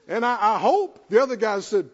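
A very high-voiced man preaches a sermon with lively, swooping energy, repeating himself for emphasis in a plain, folksy manner. The recording is dull and lo-fi, with a long echo from the hall.

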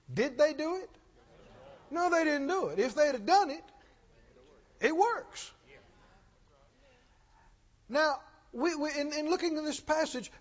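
A man preaching a sermon, telling a story and then pressing his point with slow, emphatic, rising intensity. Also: extremely high pitch, husky. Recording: dull lo-fi sound in a long-reverb hall.

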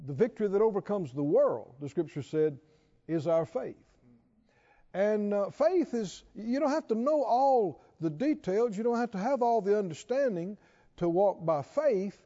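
A man's voice: high voice, expressive, unhurried, dark tone, highs cut off. A man preaching a sermon to a responding congregation, repeating questions and building to emphatic calls.

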